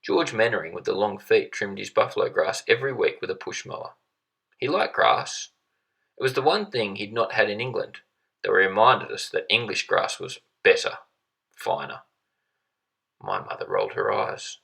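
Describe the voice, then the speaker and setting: A man reading a short story aloud in a measured, steady storytelling manner. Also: fairly low pitch, gravelly, slightly rough, poor audio. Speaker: reader.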